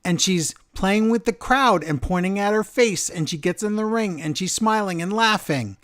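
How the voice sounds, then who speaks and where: A man hosting a wrestling podcast, recapping the show in an animated way and acting out quotes. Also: high voice, moderate pace. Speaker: podcast host. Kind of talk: casual chat recapping wrestling.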